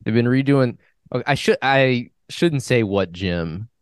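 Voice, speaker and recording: A man's voice: medium pitch, expressive, measured pace, smooth, no room sound, studio quality. A man co-hosting a podcast, joking and rambling, foggy from allergies. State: brain fog from allergies. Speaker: podcast co-host. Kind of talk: casual chat.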